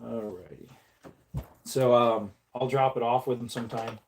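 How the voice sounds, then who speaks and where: A woman's voice: extremely low pitch, steady tone, moderate pace, a little hiss or hum. A woman chatting casually on a livestream while reloading ammunition, playful and laughing often. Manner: playful, laughs often, slips into silly voices.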